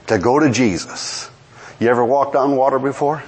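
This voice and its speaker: A man preaching a sermon in an animated way, asking the congregation questions and chuckling as he goes. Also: mid-range voice, normal speed.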